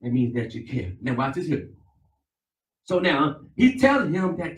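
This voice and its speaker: High preacher man, call and response sermon, loud then soft, far off mic in a roomy church. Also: big pitch swings, a little slow. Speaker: pastor. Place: church sanctuary. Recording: echoey church, mic at a distance.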